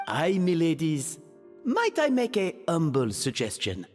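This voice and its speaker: A flamboyant French-accented gentleman in a video game, grand and theatrical, his voice swooping wildly up and down. Light reverb with soft music behind. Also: fairly high pitch, wildly swooping pitch, a little slow. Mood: amused. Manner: grand and theatrical, drops fancy French phrases. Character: flamboyant man in a luxury hotel, showy and theatrical. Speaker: game character.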